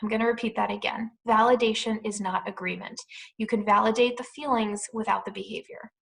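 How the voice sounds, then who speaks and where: A young American woman, a clinician, giving a calm, clear, reassuring pre-recorded talk to parents, with softly spoken example phrases. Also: mid-range voice, brisk, low-quality recording. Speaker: clinician presenting a parent webinar.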